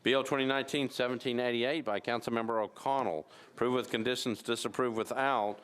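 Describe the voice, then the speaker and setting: A man presiding over a city council meeting, reading bills and calling votes in a brisk, routine procedural cadence. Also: mid-range voice, steady tone, a bit bright, smooth. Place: council chamber.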